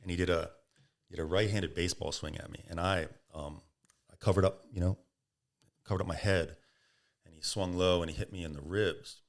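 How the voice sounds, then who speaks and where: A man with a very low voice tells a story as a podcast guest. He talks casually and acts out the lines of the people in it. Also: brisk, pauses often. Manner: animated, acts out quoted speech.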